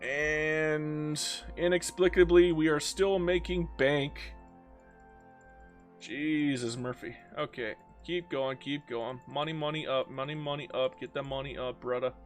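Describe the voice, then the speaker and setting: Hours into streaming a strategy game, a tired young man mutters at it, groans, and cracks jokes while he plays. His slightly high voice stays fairly even and unhurried, over soft, faint music.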